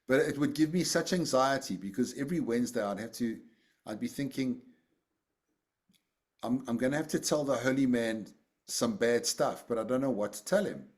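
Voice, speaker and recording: A man's voice: medium pitch, moderate pace. Rambling man leading a group talk. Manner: rambling, self-deprecating, repeats words. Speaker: group facilitator.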